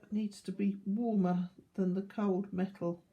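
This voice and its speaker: An older woman gives a calm, explanatory watercolour demonstration, talking through each step as she paints. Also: mid-range voice, unhurried, dull audio. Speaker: art teacher.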